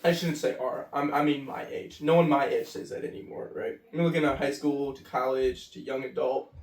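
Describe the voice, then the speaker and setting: A man's voice: medium pitch, fairly even intonation, moderate pace. Chatty young American guy, roomy and distant. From United States. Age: 20s. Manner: loose and chatty, heavy on fillers. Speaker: English tutor. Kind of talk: casual spoken explainer.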